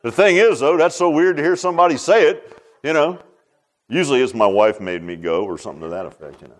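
A man's voice: medium pitch, expressive, quick pace. A man preaching a sermon as pastor, folksy and emphatic, with frequent "huh?" asides and storytelling.

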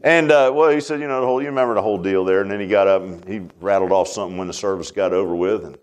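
A man's voice: deep voice, racing. A man preaching a sermon as pastor, folksy and emphatic, with frequent "huh?" asides and storytelling.

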